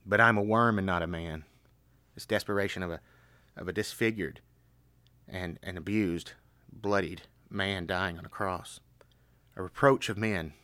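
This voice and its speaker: A man teaching a Bible study, reading scripture aloud and explaining it earnestly, growing excited as he goes. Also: low voice, a little slow, long pauses, dry recording.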